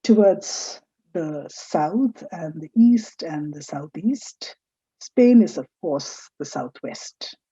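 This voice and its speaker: A woman's voice: low-pitched, animated, slow, mellow, breathy edge, no echo, dull audio. A woman teaching a recorded French lesson, explaining carefully and correcting pronunciation. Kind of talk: recorded online lecture.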